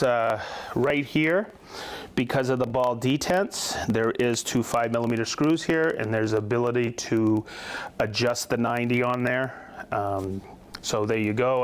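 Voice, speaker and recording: A man's voice: medium pitch, a little hiss or hum. A man hosting a live product stream, chatty and upbeat, demonstrating tools and reading out viewers' hometowns. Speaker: host of a company livestream. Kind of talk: live product demo and viewer shout-outs.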